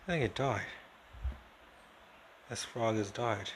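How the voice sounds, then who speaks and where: A man talking to his pets in a casual vlog, coaxing and scolding them and exclaiming, with slow speech. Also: lowish voice, heavy background noise. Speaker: pet vlogger. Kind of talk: casual pet vlog talk. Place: at home and in the yard.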